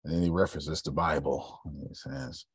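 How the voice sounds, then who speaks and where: A man's voice: rumbling low, steady tone, normal speed, breathy edge, no room sound, studio quality. A man from Texas leading a group call, telling stories and preaching motivation with strong emphasis. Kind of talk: motivational talk.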